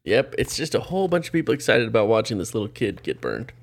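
A man's voice: medium pitch, big pitch swings, fast, vocal fry. A man acting as game master, narrating a gamebook aloud in a playful, jokey way. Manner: jokey, slips into character voices.

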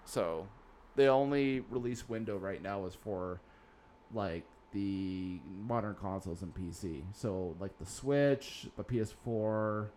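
Dude rambling game news, sarcastic, swears a bit, slight background hiss. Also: male voice, lowish voice, slow pace, a little mellow. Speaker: podcast host. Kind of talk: casual gaming news chat.

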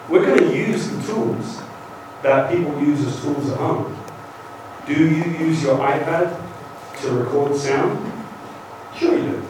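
A British man in his forties gives a conference talk, joking and acting out what others say. His voice sits a little high for a man. He was recorded from far back in a big, echoing lecture hall with a faint hiss underneath. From Great Britain. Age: 40s. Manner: lively, joking, acts out quotes. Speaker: guest lecturer. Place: large university lecture hall. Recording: echoey hall taped from far off.

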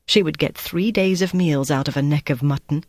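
An audiobook narrator reads a novel with an even, measured storytelling delivery. The voice sits in the mid range, and the scripted narration is captured in a clean studio with no room sound.

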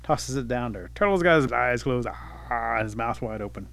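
A man tells a traditional animal folk tale in a relaxed, conversational style, with the occasional filler and pause. His voice sits at an ordinary middle pitch. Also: creaky. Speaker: storyteller. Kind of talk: oral folk storytelling.

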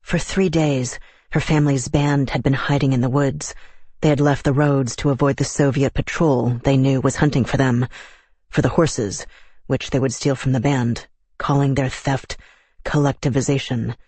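A man reading a novel aloud as narrator, in a measured, even storytelling manner, close to the mic. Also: mid-range voice, slightly rough, no room sound. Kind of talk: scripted audiobook narration.

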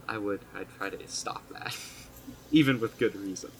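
Young man, podcast co-host, bright tense voice, easygoing and giggly, slight line noise. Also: mid-range voice, moderate pace. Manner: laughs often, lots of fillers. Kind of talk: casual chat over a video call.

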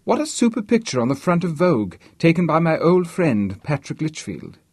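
A diffident young gentleman with a bright, lifted voice and a husky edge, as a male reader puts him on. He chats politely and eagerly, with plenty of lift in his lines. The recording is dry and close. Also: on the high side, very animated, normal speed, dry recording, pitched above the performer's own voice. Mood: eager, chatty.

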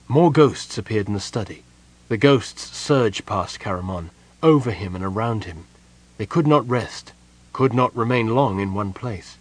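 This fantasy audiobook is narrated by a man with a fairly low pitch. He keeps a steady, measured storytelling pace.

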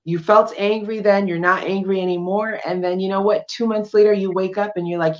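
A woman's voice: medium pitch, fairly even intonation, a little fast, muffled recording. A woman guest in an interview, explaining her views in an emphatic, conversational way with many "um"s and "you know"s. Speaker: guest sharing her divorce experience.

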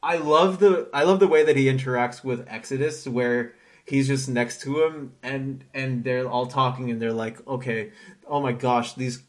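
A man in casual conversation about comics as a podcast co-host. He tells scenes with animation, slipping into characters' voices, at an ordinary mid-range pitch. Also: normal speed, hardly any pauses. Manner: animated storyteller, acts out characters' lines. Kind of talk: casual comic book chat.

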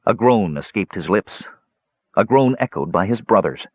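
A man narrating a fantasy story as an audiobook reader, telling it in an animated way. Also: lowish voice, normal speed, slightly rough, no echo, dull audio.

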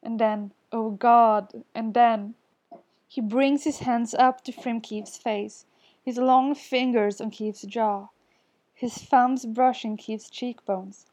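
A woman narrates fiction aloud for a podfic, slow and unhurried. Her voice is mellow and soft, with an intimate storytelling feel. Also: fairly high pitch, fairly even intonation. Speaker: podfic reader. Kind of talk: scripted narration.

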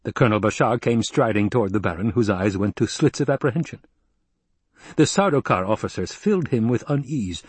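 A man narrating an audiobook in a measured, steady way. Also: on the low side, husky, no echo.

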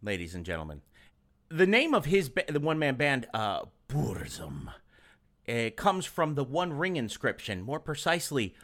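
A man voicing a pompous, grandiose male announcer with slow, theatrical delivery. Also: medium pitch, huge pitch swings, fairly bright tone, voice pushed down.

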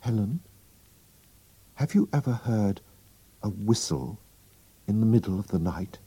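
A man reading a storybook aloud, voicing a frightened young woman in a high, pleading voice. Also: expressive, unhurried, dark tone, husky, full character voice, poor audio. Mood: uneasy.

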